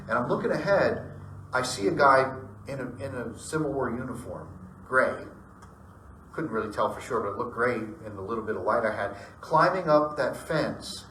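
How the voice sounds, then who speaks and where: A middle-aged man spins rambling ghost stories for a group, bringing each remembered exchange to life as he goes. His voice comes across bright and forceful. He is picked up from some distance in an echoey room, with a faint hum of ambience behind him. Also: medium pitch. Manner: rambling, animated retelling with acted-out dialogue. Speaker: storyteller. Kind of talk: casual personal ghost story told to a group.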